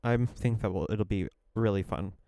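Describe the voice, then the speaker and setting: A man's voice: on the low side, normal speed, dark tone, no room sound, studio quality. A man co-hosting a casual hangout podcast, rambling with lots of "like" and restarts and laughing often. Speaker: podcast co-host. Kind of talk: casual chat.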